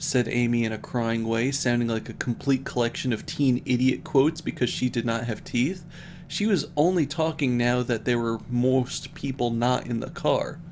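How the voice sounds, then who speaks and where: A man's voice: mid-range voice, steady tone, moderate pace, a little mellow, a little hiss or hum. A man on a stream reading bad fan fiction aloud as comedy, often laughing and breaking off to mock the text.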